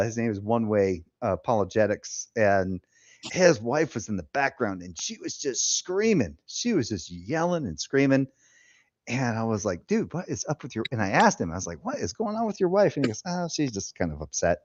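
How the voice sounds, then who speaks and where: A man hosting a casual live stream, an animated storyteller who acts out the quotes he tells, talking into a headset. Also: on the low side, normal speed, dry recording. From California. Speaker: host. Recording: dull dry headset sound.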